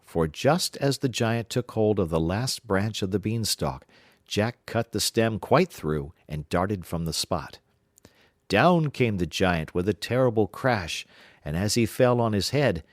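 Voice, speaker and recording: A man giving scripted narration of a fairy-tale audiobook in an even, measured way. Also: on the low side, dry recording, studio quality.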